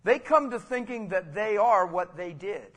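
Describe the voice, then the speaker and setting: Man, pastor, sermon, passionate conversational preaching, high voice, bright tone. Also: expressive, a little slow.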